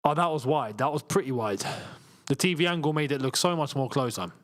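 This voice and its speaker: Excitable man calling a live match. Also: on the high side. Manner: excitable, rapid-fire name calling, bursts of laughter. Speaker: football watchalong host. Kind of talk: live match commentary and chat.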